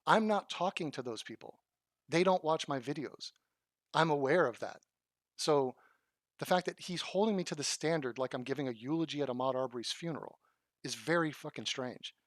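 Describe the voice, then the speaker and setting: A man's voice: on the high side, normal speed, no echo, studio quality. A man reacting to video clips with blunt, profane, sarcastic commentary. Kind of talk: combative commentary.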